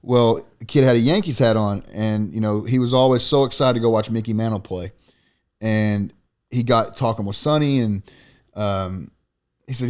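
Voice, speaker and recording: A young man co-hosting a podcast, chatting about sports in a loose, profane, animated way and telling stories. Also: lowish voice, moderate pace, clear, resonant tone. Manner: profane, animated storytelling, often says "dude". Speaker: podcast co-host. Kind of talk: casual sports chat.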